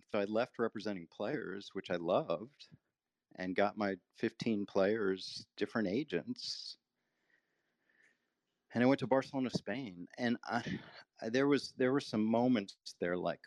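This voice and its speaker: Male guest, low pitch, dry close sound, lively storyteller. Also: a little slow, no room sound. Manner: animated, acts out his own quotes. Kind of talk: casual storytelling.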